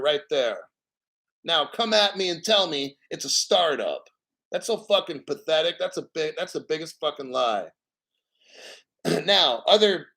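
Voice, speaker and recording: A man with a high, sharp voice hosts a crypto livestream. He rants in a heated way, firing rhetorical questions and swearing often. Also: vocal fry, rough recording. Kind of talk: ranting livestream commentary.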